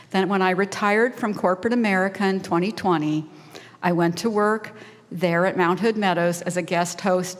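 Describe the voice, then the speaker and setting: Emotional older woman giving a speech. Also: lowish voice. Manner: heartfelt, emotional, tearing up at times. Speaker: volunteer speaker. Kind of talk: prepared speech at a fundraising lunch. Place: large banquet hall. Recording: reverberant hall PA.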